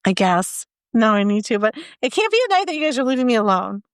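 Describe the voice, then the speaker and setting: A young adult woman co-hosting a podcast, chatting casually and telling stories in an animated way, acting out her own reactions. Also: a little high, quick pace, no room sound. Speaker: podcast co-host. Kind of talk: casual chat.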